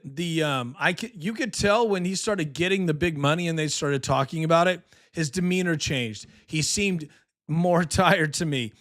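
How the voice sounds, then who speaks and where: A man hosting a casual live election podcast, rambling and sarcastic, tired from little sleep but excited. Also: fairly high pitch. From California. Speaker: political podcast host.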